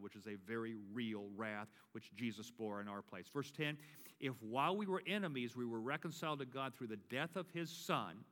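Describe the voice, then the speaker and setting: A man's voice: mid-range voice, fairly bright tone. A male pastor giving a sermon and leading communion. He builds to emphatic preaching and repeats his key phrases. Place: church sanctuary. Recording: long reverb of a large church.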